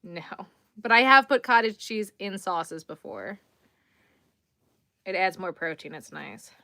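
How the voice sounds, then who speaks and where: A woman's voice: mid-range voice, expressive, a little slow, vocal fry, pushed and bright, dry recording, clean studio sound. A woman hosting a casual crochet livestream, chatting easily with viewers and sounding a little tired. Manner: chatty, easygoing, responds to viewers while crocheting. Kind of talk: casual livestream chat, reading chat comments.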